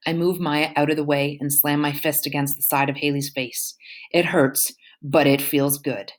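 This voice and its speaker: Low-voiced woman reading a novel. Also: level tone, moderate pace. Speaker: audiobook reader. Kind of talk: first-person novel narration.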